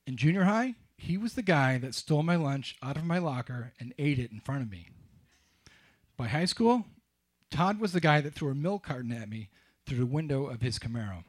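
A middle-aged man telling a wry, self-mocking personal story on stage, with halting restarts. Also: medium pitch, lively intonation. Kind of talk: live storytelling.

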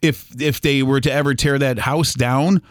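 A man's voice: mid-range voice, fairly even intonation, moderate pace, no echo, clean studio sound. A middle-aged man from Ohio reminiscing about his old neighborhood in a casual, rambling monologue full of fillers and restarts. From Toledo, Ohio. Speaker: podcast host.

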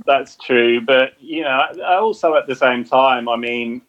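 A man's voice: medium pitch, measured pace, no room sound, dull audio. An English man from England, a guest in a casual chat, speaking hesitantly and self-deprecatingly with many restarts.

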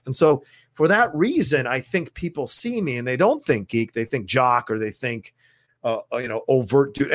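A man's voice: medium pitch, creaky, a bit bright, dry recording, studio quality. Blunt, profane man telling a story. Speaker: podcast guest. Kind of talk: casual storytelling in conversation. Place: indoor podcast studio.

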